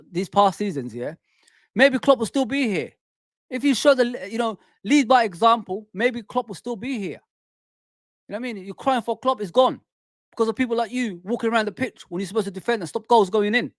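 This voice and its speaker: A man's voice: high voice, dry recording, clean studio sound. A man hosting a football fan channel, ranting heatedly and repeating "man" and "people" at his listeners. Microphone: desk microphone.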